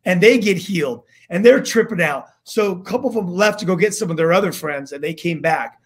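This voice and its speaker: A man's voice: high-pitched, animated, a little fast, husky. A man, a guest on an interview show, telling a story in a casual, slangy way and acting out what people said. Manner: casual slangy, acts out quotes. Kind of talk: animated storytelling testimony.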